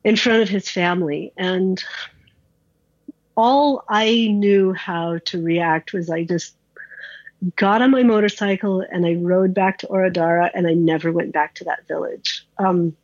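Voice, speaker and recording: A woman with a husky, slightly breathy voice tells a personal story in an interview, casual and candid, often restarting and dropping in "like." The recording is dry and a bit dull, as if the highs were rolled off. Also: fairly even intonation, a little slow, darkish tone, no room sound. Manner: candid, conversational, frequent "like" and restarts.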